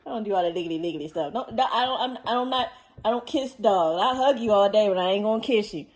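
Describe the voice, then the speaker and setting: A woman's voice: medium pitch, quick pace, darkish tone. A woman vlogging casually at home, playful and laughing often as she baby-talks to her dogs. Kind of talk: casual vlog chat.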